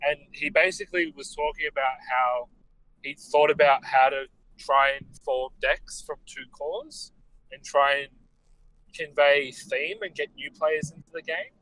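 A man's voice: on the high side, level tone, a little slow, sharp tone, rough recording. A man from Australia co-hosting a podcast, talking casually with frequent hesitations. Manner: hesitant, many ums and restarts. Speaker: podcast co-host.

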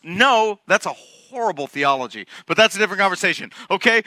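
Bright-voiced, emphatic male preacher. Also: sits high, lively intonation, fairly quick, few pauses, dry recording. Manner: emphatic, swings from hushed whispers to near-shouting. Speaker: pastor. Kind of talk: sermon.

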